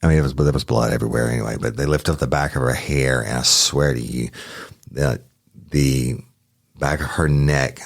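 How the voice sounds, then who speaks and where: A man tells a true-crime story in a rambling, profane way. His voice sits extremely low. The recording is dry and close, with no room sound. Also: steady tone, moderate pace, vocal fry, no echo. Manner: rambling, profane, self-correcting. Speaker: podcast host, former police officer.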